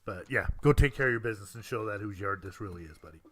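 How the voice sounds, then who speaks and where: A man's voice: lowish voice, fast. A man hosting a casual podcast chat, rambling and stumbling over his words, laughing often. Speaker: podcast host.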